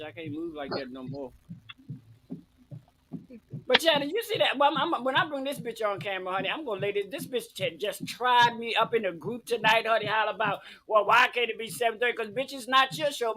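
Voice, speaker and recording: A man hosts a live online chat with a high, bright voice. He is camp and brash, firing off profane teasing at his guests. The sound comes through a home webcam. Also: brisk, slight background noise. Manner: camp, profane, teasing, heavy on "bitch" and "honey". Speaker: host of a live online talk show.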